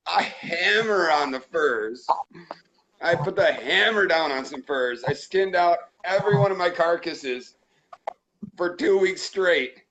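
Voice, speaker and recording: A rowdy man tells a crude, joking story with no polish at all. His voice sits high and gravelly, with a sharp, bright edge. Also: slight background noise, low-quality recording. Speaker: trapping channel host. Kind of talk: casual storytelling.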